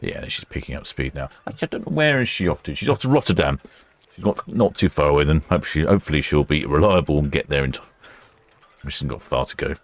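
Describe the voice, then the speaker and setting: Very deep-voiced man, chatty. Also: lively intonation, fast, no echo. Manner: chatty, rambling, self-correcting. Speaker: live-stream host. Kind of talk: casual live commentary.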